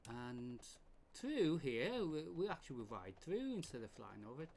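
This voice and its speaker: A man's voice: mid-range voice, very animated, moderate pace, darkish tone. A man casually commenting on a video game as he plays, chatty and rambling. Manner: chatty, rambling, laughs often. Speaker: game streamer. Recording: stream mic with game music.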